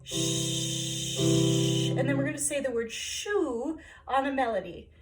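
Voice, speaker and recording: A woman choir director guiding singers through breathing and vocal warm-up exercises, encouraging them step by step. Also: sits high, moderate pace, recorded from a distance, loud music behind the voice.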